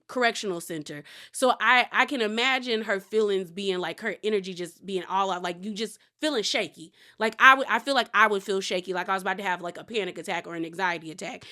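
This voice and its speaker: Recap host, woman, bright forward tone, animated and chatty, laughs a lot. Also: mid-range voice. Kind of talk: casual reality TV recap.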